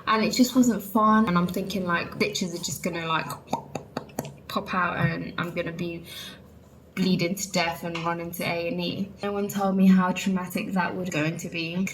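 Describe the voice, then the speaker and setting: A woman's voice: on the low side, little pitch movement, normal speed, slight background noise, rough recording. A young woman from England, chatting candidly to viewers and saying "like" and "literally" a lot. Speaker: vlogger. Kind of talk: casual chat.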